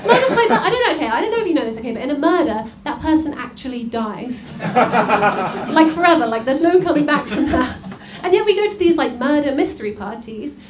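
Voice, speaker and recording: A woman's voice: high-pitched, sing-song, brisk. A young woman from the UK doing stand-up comedy, chatty, laughing, full of "like" as she talks to the crowd. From United Kingdom. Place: comedy venue stage. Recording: echoey room with loud noise.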